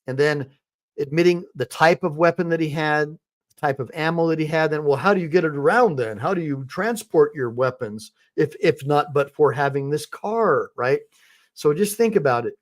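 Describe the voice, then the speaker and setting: A man with a somewhat high voice delivers combative, mocking commentary as an attorney reacting to clips. His tone is opinionated and blunt. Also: expressive, normal speed.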